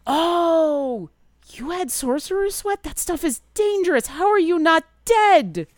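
A woman voicing an eager, flustered female bird-folk bard who talks in rapid, excitable bursts. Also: clear, resonant tone, no echo. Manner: rapid, excitable, high-pitched chatter.

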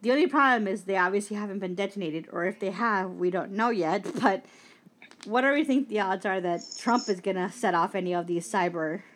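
A woman's voice: mid-range voice, brisk, a little hiss or hum. A woman co-hosting a casual political podcast, recapping news stories with blunt, profane asides. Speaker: podcast co-host. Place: Brooklyn.

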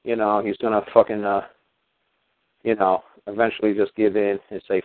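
Low-voiced, profane New storyteller. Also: male voice, flat delivery, normal speed, no room sound. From New York. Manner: profane, rambling, many fillers and restarts. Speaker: podcast host. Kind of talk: casual storytelling monologue. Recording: tinny phone-like sound.

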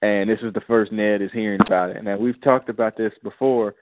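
Low-voiced guy recapping a show, chill and chatty, sounds like a phone line. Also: fairly even intonation, fairly quick, background noise. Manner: laid-back, acts out characters' lines in slang. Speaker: podcast co-host. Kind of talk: casual recap chat.

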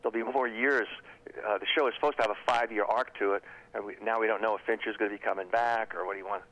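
A man who is a former FBI profiler, speaking as an interview guest in a halting way and often repeating his words. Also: fairly low pitch, fairly even intonation, a bit bright, rough recording. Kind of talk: casual interview talk.

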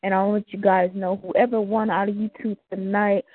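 A woman's voice: medium pitch, little pitch movement, moderate pace, a little hiss or hum. A woman hosting a casual live call-in radio show, upbeat and laughing often, using loose slang. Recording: tinny phone-like call audio.

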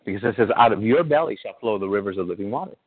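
A man's voice: lowish voice, lively intonation, racing, slightly rough. Guy preaching, chatty, keeps asking the church stuff, sounds tinny like over a phone. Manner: conversational, asks the congregation questions. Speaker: pastor. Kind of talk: sermon.

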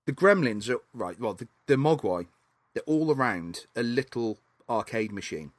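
Animated man, dry close sound. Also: medium pitch, moderate pace, no echo. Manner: animated, acts out scenes in silly voices, swears, laughs a lot. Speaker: podcast co-host. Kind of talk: casual film chat.

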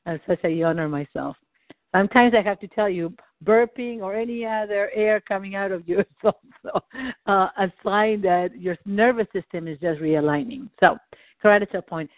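A woman's voice: medium pitch, normal speed, no echo. A woman coach guiding a client through a tapping session, encouraging and giving phrases for him to repeat. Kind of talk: guided tapping session over a call. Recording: tinny dry call line.

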